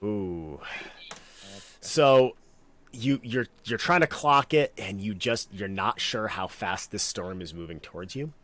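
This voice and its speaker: Low-voiced man running a tabletop game. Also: takes it slowly. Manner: relaxed, meandering narration with many fillers. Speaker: game master.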